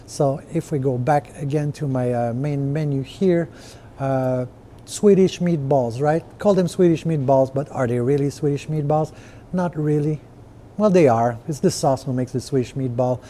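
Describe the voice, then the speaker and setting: A man's voice: medium pitch, moderate pace, dark tone, slight background noise. A man who owns restaurants, casually walking through his menu on a screen share, with lots of fillers and rhetorical "right?" checks. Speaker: restaurant owner podcaster. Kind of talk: casual explanatory walkthrough.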